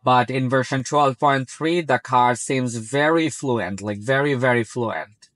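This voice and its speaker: His voice sits at a medium pitch and is a bit bright, and he doesn't rush. A non-native English speaker, he's driving and chatting casually about the car's self-driving, frequently repeating "very" and "like," with no room sound in the moving car.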